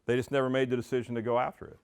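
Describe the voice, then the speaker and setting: Animated man coaching real estate agents. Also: mid-range voice, racing, clean tone. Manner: animated storytelling, acting out dialogue. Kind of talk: training talk to agents.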